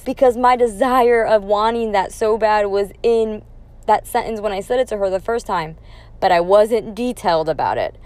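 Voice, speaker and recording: Woman, thirties, casual monologue, chatty, mid-pitched voice, easygoing. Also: brisk, a little mellow. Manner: conversational, chatty, swears casually. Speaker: manifestation talk host.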